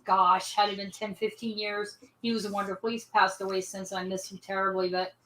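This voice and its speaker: A woman from the United States chatting casually, warm and playful as she tells stories. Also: medium pitch, flat delivery, normal speed, echoey room, poor audio. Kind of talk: casual chat.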